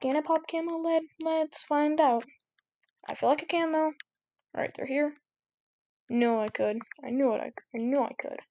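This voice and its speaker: A woman giving casual, chatty commentary over her gameplay, getting excitable and repeating exclamations when things get tense. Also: high-pitched, moderate pace, pauses often, muffled recording.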